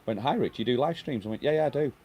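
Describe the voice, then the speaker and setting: A man's voice: mid-range voice, lively intonation, racing, mellow, slight background noise. A middle-aged man hosting a casual live stream at home, chatting and reading out viewer comments.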